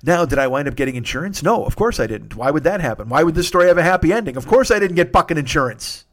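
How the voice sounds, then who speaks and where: A man hosting a podcast, telling a rambling, self-deprecating story in casual monologue and swearing freely, with sudden loud outbursts. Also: fairly high pitch, animated, fast talker. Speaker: podcast host.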